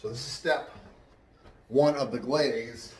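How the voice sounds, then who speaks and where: A man's voice: medium pitch, fairly even intonation, slow pace, echoey room, slight background noise. A man hosting a casual home cooking show, chatting straight to his viewers.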